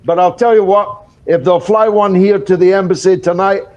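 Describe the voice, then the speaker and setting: A man's voice: sits high, fairly even intonation, darkish tone, muffled recording. Wry older man, many "uh"s. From Britain. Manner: rhetorical, wry, fills pauses with "uh". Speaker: political commentator guest. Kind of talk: live news interview.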